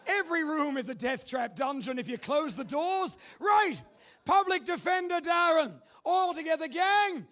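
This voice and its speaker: Aussie guy running a live comedy game show, high voice bouncing all over, loud and playful with the crowd. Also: big pitch swings, normal speed. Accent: Australian. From Australia. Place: live convention stage with audience.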